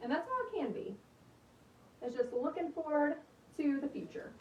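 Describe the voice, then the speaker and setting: A woman in her thirties from East Texas, with a Texan accent, chats casually on a livestream while crafting, thanking viewers by name. Her voice is high and very animated, with a dark tone and a moderate pace. The audio is dull, recorded at a distance in an echoey room with a faint hum.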